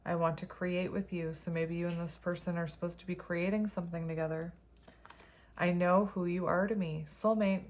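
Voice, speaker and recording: A woman's voice: fairly low pitch, fairly even intonation, moderate pace. A woman reading tarot cards to her viewers in a casual, chatty way, often laughing as she reads the card messages aloud. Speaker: tarot reader.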